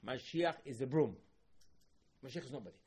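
Husky-voiced male rabbi, animated sermon delivery mixing Hebrew phrases into English. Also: medium pitch, brisk. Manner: animated, shifting between hushed and emphatic; mixes Hebrew terms into English.

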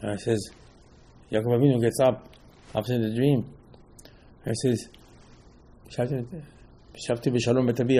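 A man giving a Torah class as a rabbi, in halting, with emphatic restarts. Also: medium pitch, steady tone, creaky, warm tone, husky. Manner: non-native English, halting restarts, rising emphasis.

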